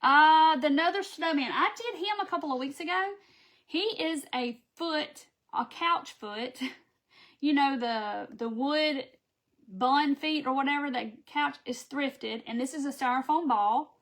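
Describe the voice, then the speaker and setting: A high-pitched woman chats casually through a live craft stream. She is warm toward her viewers and reads their names aloud as she goes. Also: unhurried. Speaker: craft seller hosting a live video.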